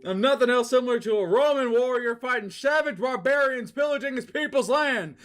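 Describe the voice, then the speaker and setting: A pompous young gang leader sneers and speechifies with theatrical scorn, as a man puts him on. His voice is pushed high and loud, almost shouting. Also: fairly quick. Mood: sneering.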